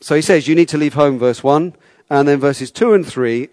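A man's voice: fairly high pitch, moderate pace, darkish tone, dry recording. A man preaching a sermon in a conversational way, often repeating words and asking his listeners questions.

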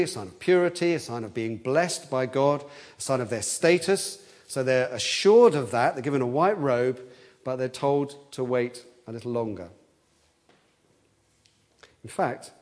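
A man preaching an expository sermon in an earnest way, often repeating words as he thinks aloud and lifting his voice on quoted cries. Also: darkish tone. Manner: rises in pitch and force on quoted cries.

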